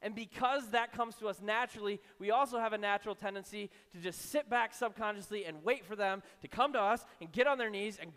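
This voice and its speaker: A man preaching a sermon in a conversational way, acting out imagined voices and dropping low and soft for emphasis. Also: clear, resonant tone, in a large hall. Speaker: pastor.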